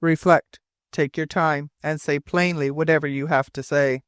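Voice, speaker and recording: A man's voice: fairly high pitch, fairly even intonation, moderate pace, fairly bright tone, clean tone, no echo, studio quality, lightly acted. A man reading the part of a stern ship captain who speaks in a tone of command. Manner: commanding, demanding tone.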